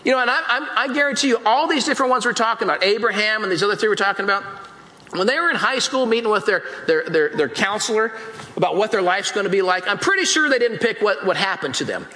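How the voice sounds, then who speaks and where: A man with a high, bright voice delivers a relaxed, storytelling sermon. He slips into playful voices for the characters as he goes, and the sound bounces around an echoey room. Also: quick pace. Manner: animated, acts out Bible scenes in voices. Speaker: pastor. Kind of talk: casual sermon.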